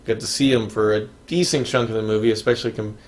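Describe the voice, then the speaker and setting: A man's voice: on the low side, steady tone, quick pace, a little hiss or hum. A man co-hosting a podcast, chatting casually about movies with frequent restarts and fillers. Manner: rambling, many restarts and fillers. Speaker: podcast co-host. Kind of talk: casual movie review chat.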